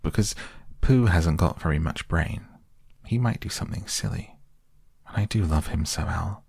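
A man voicing an eager, affectionate young boy in a soft bedtime reading. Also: sits low, normal speed, creaky, breathy edge, dry recording, studio quality, heavily acted.

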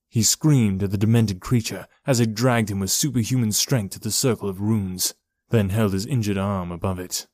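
A man giving a steady, measured reading of a horror story as narrator. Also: fairly low pitch, no room sound, studio quality. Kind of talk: scripted horror audiobook narration.

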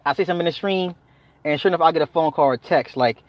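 A man's voice: on the high side, rapid-fire. A man casually chatting on his live stream, joking and swearing, laughing often and answering the chat by repeating points for emphasis. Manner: profane, joking banter with frequent laughter; talks back to chat, repeats phrases for emphasis. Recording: dull lo-fi dry sound.

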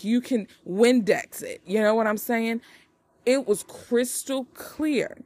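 A woman hosting a movie review podcast, chatting casually and animatedly with playful wordplay. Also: mid-range voice. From United States. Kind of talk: casual chat.

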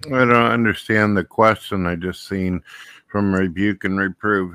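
Low, bright-voiced man hosting a stream. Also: steady tone, a little slow, clear, resonant tone, no echo. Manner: joking, reads comments aloud. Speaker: live stream host. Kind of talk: casual live stream chat.

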